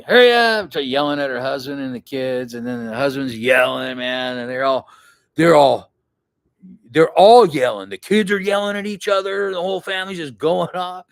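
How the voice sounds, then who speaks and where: A man vlogging to camera, telling a rambling, profane camping story in a casual way and acting out what other people shouted. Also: medium pitch, smooth, no room sound, clean studio sound. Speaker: outdoor adventure vlogger.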